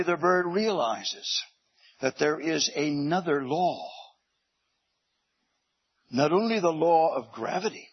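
A man preaching a sermon with animated storytelling that swings into shouts. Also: a little high, breathy edge, dull audio.

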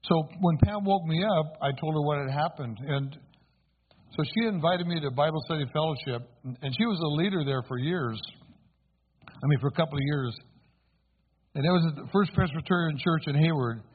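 Through tinny, phone-like audio with a little hiss or hum, a preacher with a slightly high voice delivers his testimony at a moderate pace. He earnestly recounts how he was converted, turning it into a sermon and inviting the congregation to respond.

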